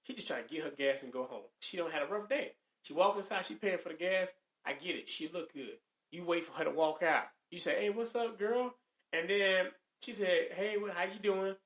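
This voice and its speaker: Male podcast co-host, casual and animated, acts out quoted lines; echoey room. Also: fairly high pitch, brisk. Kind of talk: casual chat.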